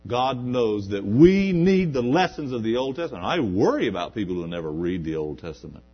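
A pastor with a medium-pitched, sing-song male voice preaches a brisk sermon in a church, building to emphatic peaks and acting out quoted asides. The recording is dull and lo-fi.

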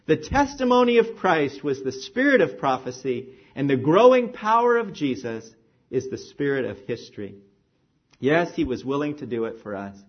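Husky, animated male preacher. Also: a little high, highs cut off. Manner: animated, rising and falling emphasis, drops to near-whisper. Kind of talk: sermon.

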